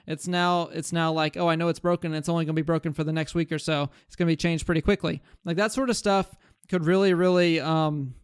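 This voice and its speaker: A man's voice: fairly high pitch, clean tone, dry recording, studio quality. A man talking casually about changes he wants in a game, rambling with fillers and restarts as he thinks aloud. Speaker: gaming content creator. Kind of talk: casual gaming commentary.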